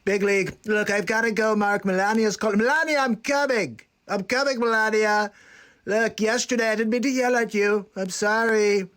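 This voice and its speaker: A man's voice: high voice, fairly even intonation, fairly bright tone, voice pushed up. A man doing a blustery boastful older president. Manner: blustery, repetitive, hurried. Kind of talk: comic celebrity impression on a livestream.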